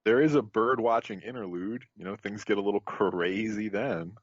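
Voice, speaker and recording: A man with a very deep voice co-hosts a casual podcast chat. He tells stories animatedly and laughs often. The mic sounds dry and slightly muffled, with no room sound. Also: normal speed, slightly rough, dry recording. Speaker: podcast co-host.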